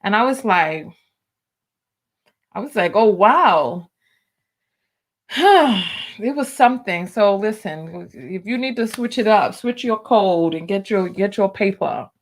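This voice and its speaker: A woman's voice: mid-range voice, lively intonation, slow, pauses often. A woman hosting a casual livestream, chatting and laughing as she talks straight to her viewers and reads their comments aloud. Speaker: host.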